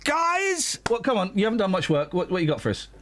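A man's voice: sits high, huge pitch swings, fairly quick, fairly bright tone. A man hosting a casual radio show, telling a rambling story and teasing his co-hosts with mock outrage. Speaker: radio host. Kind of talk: casual studio banter. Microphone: studio microphone.

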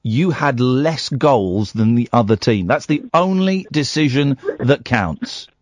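Sardonic guy hosting late-night radio phone-in, lively up-and-down voice, dry close sound. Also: mid-range voice, slow pace, no room sound. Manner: sardonic, teasing callers.

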